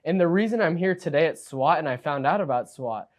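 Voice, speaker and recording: A young man in his twenties, a guest on a podcast interview, talking casually and excitably, full of "like" as he tells his story. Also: on the high side, fairly quick. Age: 20s. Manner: energetic, excitable storyteller with frequent "like". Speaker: guest, new insurance agent.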